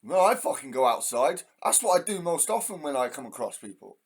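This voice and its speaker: A man's voice: a little high, sing-song, a little fast, creaky, husky. An English man hosting a heated, profane ranting monologue. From England. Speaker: host.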